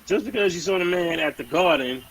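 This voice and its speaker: A man, trash-talking in heated sports banter on a podcast. His voice sits somewhat high. He hammers points home by repeating himself. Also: lively intonation, brisk, a bit bright, a little hiss or hum, rough recording. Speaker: podcast co-host.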